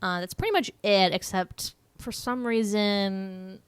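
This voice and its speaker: A woman co-hosting a casual podcast, playful and quick to laugh. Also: medium pitch, clean tone, no echo. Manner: playful, laughs often, acts out quotes. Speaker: podcast co-host. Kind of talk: casual chat.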